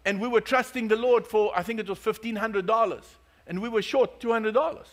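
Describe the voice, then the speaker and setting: A male pastor with a notably high voice delivers a sermon. He tells stories and jokes with his congregation. His delivery stays lively and conversational. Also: fairly quick. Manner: storytelling, joking, lively.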